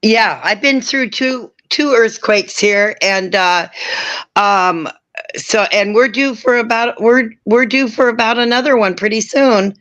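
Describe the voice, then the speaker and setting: A woman's voice: fairly high pitch, measured pace, fairly bright tone. An older woman from Washington State, calling in and chatting easily, calling people honey. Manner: easygoing, calls people honey. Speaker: caller. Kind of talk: casual call-in chat. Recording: dull lo-fi line.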